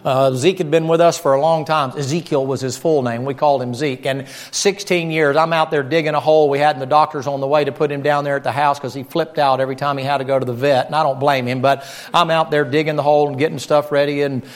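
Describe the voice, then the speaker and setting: A man preaching a folksy, animated sermon and joking with his congregation. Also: a little high, fast talker, hardly any pauses.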